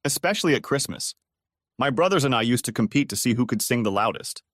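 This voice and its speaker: A man's voice: mid-range voice, lively intonation, fast, fairly bright tone, no room sound, studio quality. A man voicing a genial old-west cowboy ghost judge with a folksy, courteous Texas drawl. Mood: reminiscing.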